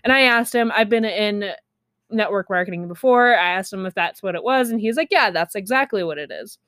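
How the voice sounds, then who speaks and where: A woman's voice: medium pitch, animated, brisk, a bit bright, dry recording. Chatty young woman telling a story. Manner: chatty, candid, laughs at herself, lots of "like". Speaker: streamer. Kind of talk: casual storytime.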